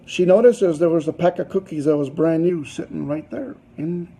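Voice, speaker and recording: A man tells a rambling story to a business audience in a fairly high, husky voice. His tone is mellow rather than bright, and his telling is loose and chatty, full of fillers and asides. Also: moderate pace, low-quality recording. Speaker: business presenter.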